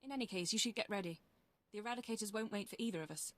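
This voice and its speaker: A woman voicing a calm, businesslike female intelligence officer in video game dialogue. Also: medium pitch, very fast, dry recording, close to an everyday voice. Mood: earnest.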